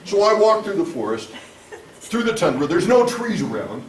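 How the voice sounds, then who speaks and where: A man's voice: high-pitched, normal speed. A man teaching a church Bible class, mixing scripture reading with funny personal stories. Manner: animated, humorous storyteller. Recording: echoey room, distant mic, background noise.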